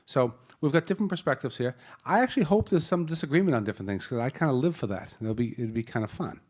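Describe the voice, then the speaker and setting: A man's voice: medium pitch, animated, fast, a little mellow. A man with a Boston accent moderating a live panel, joking and rambling through introductions with many restarts, speaking into a handheld mic in a conference hall.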